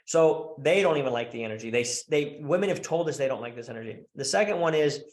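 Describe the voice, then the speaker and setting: A man's voice: medium pitch, quick pace, reverberant. A man as a podcast guest, talking bluntly and profanely as a coach for married men, slipping into quoted voices as he tells stories. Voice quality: profane, blunt, animated storytelling. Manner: acts out quoted voices mid-sentence. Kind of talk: podcast interview.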